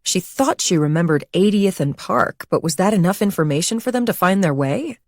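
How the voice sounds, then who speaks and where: A woman reading a thriller audiobook as narrator, in an even, measured storytelling manner. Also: on the low side, no room sound, studio quality. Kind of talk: scripted narration.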